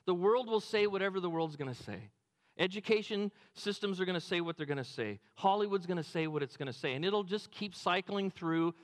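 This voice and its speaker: A man preaching a sermon, animated, acting out quotes with a dropped low voice. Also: a little fast, in a large hall. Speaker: pastor.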